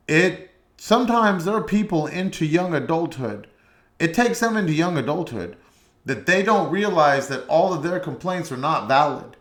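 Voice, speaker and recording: Slow, profane man ranting comically. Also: on the high side, bright, forceful tone. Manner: profane, blunt, mock-advice; drawn-out hesitant fillers. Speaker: podcast host. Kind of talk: comedic rant. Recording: roomy echo.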